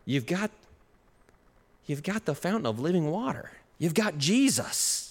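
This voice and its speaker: Male pastor, sermon, slightly high voice, very lively pitch, long hall reverb. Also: measured pace. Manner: animated preaching with chuckles and shifts in pace.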